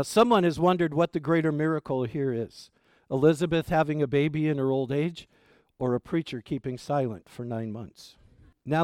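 A man preaching a sermon, retelling a scripture story with expressive delivery, voice dropping low and soft at the ends of phrases, with touches of dry humor. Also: no room sound.

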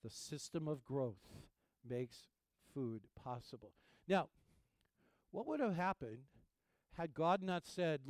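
A male pastor preaching a sermon in an earnest, emphatic way, trailing off quietly at the ends of phrases. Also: on the high side, animated, slow pace, no echo.

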